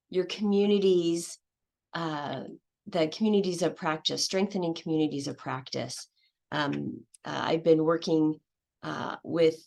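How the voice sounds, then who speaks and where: Low gravelly woman giving a talk. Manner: hesitant, many fillers and restarts. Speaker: English language teacher. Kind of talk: conference presentation.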